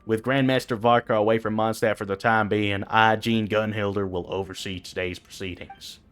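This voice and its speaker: A man's voice: lowish voice, steady tone, normal speed, fairly bright tone, smooth, close to an everyday voice. A man reading out lines for a stern female knight commander in a silly cowboy voice, formal and stately. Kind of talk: reading game dialogue aloud on stream.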